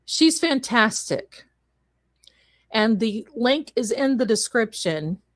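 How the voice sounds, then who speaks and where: A woman's voice: a little high, big pitch swings, slow pace, no room sound. A woman hosting a live show, chatting casually with rambling asides. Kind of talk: casual livestream chat.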